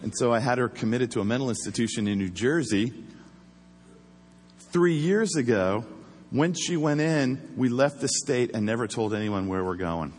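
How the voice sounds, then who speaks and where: A former police officer telling a story in a casual, animated way, acting out the voices he quotes. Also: mid-range voice, moderate pace, long reverb tail.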